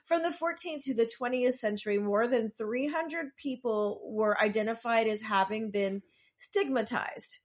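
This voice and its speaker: A woman's voice: a little high, measured pace. Chatty woman podcast co-host. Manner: chatty, apologetic asides, reads definitions aloud. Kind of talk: casual chat, reading lore notes.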